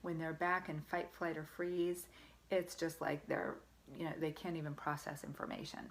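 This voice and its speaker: Earnest woman parenting coach, lowish voice. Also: little pitch movement, normal speed. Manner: earnest and encouraging, checks in with listeners. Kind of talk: direct-to-camera parenting advice.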